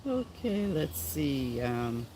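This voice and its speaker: Guy doing a chill livestream, kinda high voice, dramatic and playful, slow and hesitant reading comments, light hiss. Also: sing-song, dark tone. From United States. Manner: playful and theatrical, self-styled diva, chuckles often; slow and halting when reading comments, many ums. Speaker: livestream host. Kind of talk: casual livestream chat, reading viewer comments.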